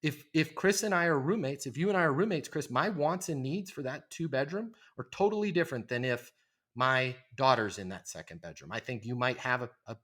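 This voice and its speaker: A man's voice: mid-range voice, animated, brisk, a bit bright. A middle-aged man, a guest on a podcast interview, talking emphatically and acting out phone greetings in quoted voices. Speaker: leasing trainer, podcast guest. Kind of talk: energetic podcast interview talk.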